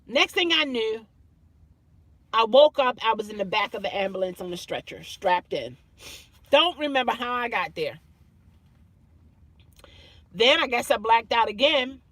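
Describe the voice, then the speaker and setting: A woman's voice: on the high side, fairly bright tone, no room sound. A woman vlogger telling a personal story to camera in an earnest way, often repeating phrases and restarting her sentences.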